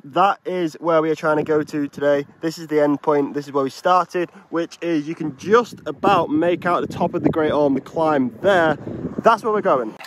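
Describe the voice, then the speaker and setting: A young man, a cycling vlogger, chatting casually and excitedly to camera outdoors on hills. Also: a little high, slight background noise. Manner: chatty, excitable, swears mildly. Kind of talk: casual vlog chat.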